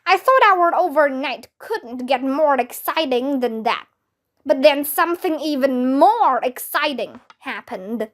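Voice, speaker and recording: Woman narrator, children's read-aloud, high and animated, unhurried. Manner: lively, expressive, voices characters with squeals.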